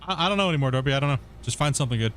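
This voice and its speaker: A man chats casually while streaming, rambling from thought to thought and speaking bluntly, cursing when something annoys him. His voice sits at an everyday middle pitch. A faint noise runs under the recording. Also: lively intonation, rapid-fire, a bit bright. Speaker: gaming streamer. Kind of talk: casual chat.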